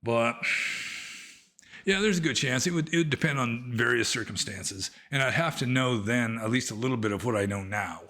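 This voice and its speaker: Rambling man with a bright voice. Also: medium pitch, moderate pace. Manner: rambling, conversational, many fillers. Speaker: former monk answering questions. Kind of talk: casual Q&A talk.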